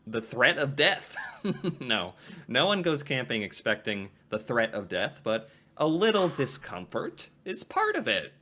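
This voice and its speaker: Canadian guy reacting to a video, chatty, keeps laughing, bouncy bright voice. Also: mid-range voice, wildly swooping pitch, measured pace. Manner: chatty, laughs often between remarks. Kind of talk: casual reaction commentary.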